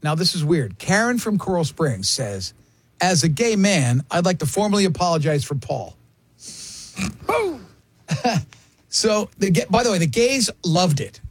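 A man's voice: high voice, sing-song, a little slow, pauses often, slightly rough. A man in his fifties hosting a radio talk show, joking with co-hosts and reading listener comments aloud with frequent laughter. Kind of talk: casual studio banter.

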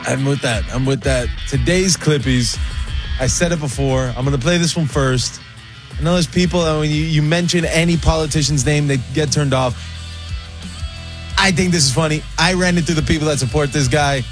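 A man's voice: a little high, moderate pace, soft background music. A male radio host chatting casually and laughing, repeating himself.

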